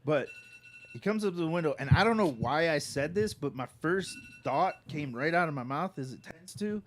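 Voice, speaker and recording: A man tells a story in an easygoing, rambling way, often backing up and starting his sentences over. His voice sits a little above average pitch for a man. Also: animated, moderate pace, slight background noise. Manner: laid-back, rambling with restarts and laughs. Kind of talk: casual storytelling chat.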